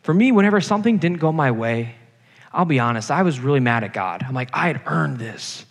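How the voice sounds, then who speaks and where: A man's voice: medium pitch, very animated, fast talker. Young man preaching in an echoing hall. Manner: earnest, personal storytelling preacher. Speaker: campus ministry speaker. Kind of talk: sermon. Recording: reverberant hall.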